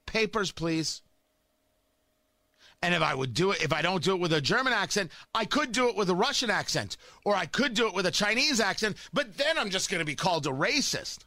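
A man's voice: sits high, expressive, quick pace, hardly any pauses, pushed and bright, no room sound. A man delivering a sarcastic, combative opinion monologue as a talk show host.

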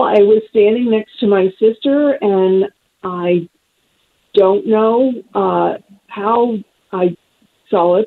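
Lady caller on a phone line, teary and halting, kinda emotional. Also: mid-range voice, slight background noise. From Pennsylvania. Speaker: radio caller. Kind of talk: telling a personal story on a call-in show.

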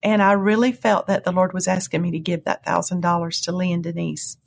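A woman's voice: little pitch movement, fairly quick, vocal fry, a little hiss or hum. A woman telling an emotional personal testimony as an interview guest, earnest and storytelling. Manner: earnest storytelling, swings to high cries when reliving moments.

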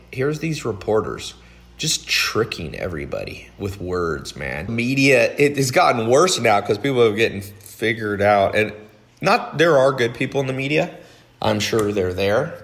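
A man hosting a podcast, talking bluntly and animatedly in a casual monologue, his voice swinging between loud and low. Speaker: podcast host.

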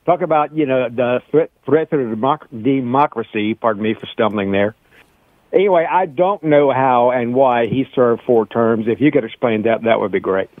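A man's voice: mid-range voice, normal speed, dry recording. A man calling in to a talk radio show, asking pointed, sarcastic questions. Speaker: caller. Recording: tinny phone line.

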